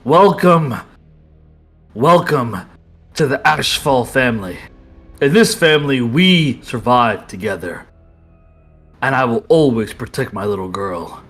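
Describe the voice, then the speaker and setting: A man voicing a proud, protective father who speaks low and firm. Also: animated, a little slow, pauses often, fairly bright tone, breathy edge, soft background music, heavily acted.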